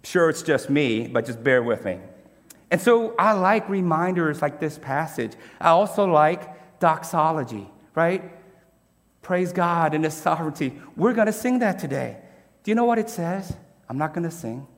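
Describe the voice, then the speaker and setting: A man's voice: fairly high pitch, lively intonation, moderate pace, big-room sound. A man preaching a sermon as pastor, emphatic and conversational, asking his congregation rhetorical questions.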